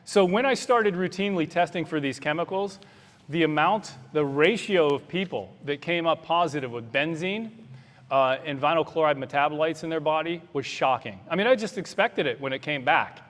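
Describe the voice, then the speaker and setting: A man's voice: fairly high pitch, normal speed, fairly bright tone. Earnest man giving a campaign speech. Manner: earnest, plainspoken, fiery at times. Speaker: doctor and political candidate. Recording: long hall reverb.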